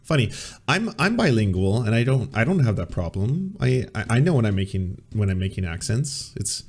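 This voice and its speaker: A man's voice: lowish voice, sing-song, normal speed, a little mellow. A man hosting a political comedy stream, reacting to clips with dry, stammering sarcasm.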